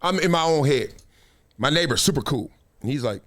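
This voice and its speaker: A man's voice: medium pitch, fairly quick. A man hosting a show, telling a story in a casual, slangy way, with repeated phrases and voices for the people he quotes. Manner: animated, acts out quotes in voices. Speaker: show host.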